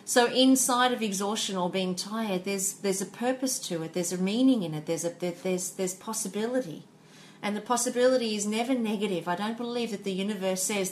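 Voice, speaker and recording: A woman shares beliefs in an earnest, musing way, circling back on her phrases. Her pitch is in an everyday middle range, with faint background noise. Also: fairly quick. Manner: earnest, repetitive, philosophical. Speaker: podcast co-host. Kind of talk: casual chat.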